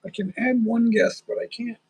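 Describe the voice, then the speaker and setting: A man's voice: high-pitched, moderate pace, vocal fry, darkish tone, slightly rough, poor audio. A man chatting casually on a live stream, rambling and talking straight to his viewers. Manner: rambling, talks to viewers, chuckles often.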